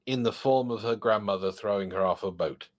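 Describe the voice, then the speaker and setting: A man hosting a casual podcast, reading funny online stories aloud and joking about them with animated asides. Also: on the low side, brisk. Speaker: podcast host.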